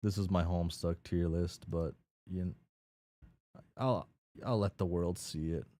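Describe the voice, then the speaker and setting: A man's voice: deep voice, steady tone, a little slow, warm tone. A man streaming a game, talking casually and rambling as he recaps what he played. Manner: rambling, many fillers and restarts.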